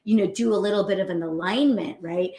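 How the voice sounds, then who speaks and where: A woman physician hosting a show, giving a casual motivational talk in a lively, chatty way and laughing often. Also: medium pitch, a little fast. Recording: roomy echo.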